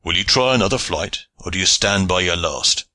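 A man's voice: low voice, lively intonation, normal speed, pushed and bright, dry recording, heavily acted. A man voicing a huge, bluff, boastful archer in an audiobook reading.

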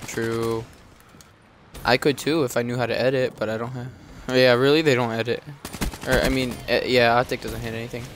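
A man's voice: mid-range voice, flat delivery, brisk, a little hiss or hum. Young guy rambling over a game stream. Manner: chatty, rambling, talks to chat. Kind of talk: live gameplay commentary.

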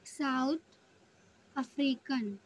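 Slow, deliberate woman spelling words out. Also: high voice, slight background noise, rough recording. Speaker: teacher.

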